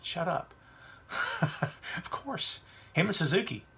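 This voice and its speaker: A man's voice: a little high, animated, takes it slowly, gravelly, bright, forceful tone, husky. A man hosting a wrestling podcast, talking casually and giving strong opinions while reading viewer questions. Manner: chatty, opinionated, reads live chat questions. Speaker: podcast host.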